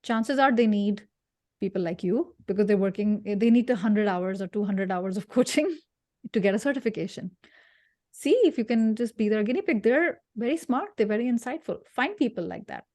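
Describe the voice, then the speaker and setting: A woman giving an animated career-coaching talk to an audience, acting out quoted voices and laughing along the way. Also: mid-range voice, moderate pace.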